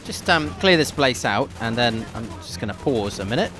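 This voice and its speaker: Speaking at a moderate pace with few pauses, this medium-pitched man hosts a history podcast and chats through a game playthrough. His jokey, talkative manner comes with dry asides, over faint music and in-game gunfire.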